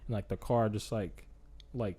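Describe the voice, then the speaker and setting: A casual young man with a somewhat low voice spins a story on a podcast. He rambles and piles on fillers, breaking into quick acted-out lines as he goes. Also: fairly even intonation, warm tone, husky. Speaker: podcast host. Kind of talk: casual chat.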